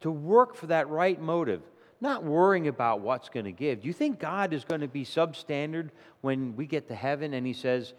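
A man preaching a sermon, telling a story in a lively, animated way. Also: normal speed, long reverb tail. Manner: animated storytelling, rising to loud indignant pitch in acted quotes. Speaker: pastor. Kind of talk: sermon with a told joke.

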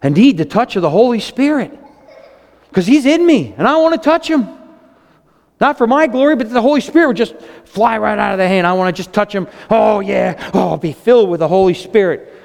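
A man in his fifties preaching a sermon with excitable storytelling, speaking. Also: a little fast, vocal fry, in a large hall. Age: 50s. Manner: excitable, storytelling, animated swings in pitch.

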